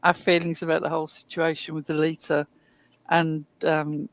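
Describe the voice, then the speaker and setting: A man with a Cockney accent chatting wryly as a co-host on a casual livestream, pausing on fillers. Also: a little high, completely flat delivery, dry recording. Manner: chatty, wry, with hesitant fillers.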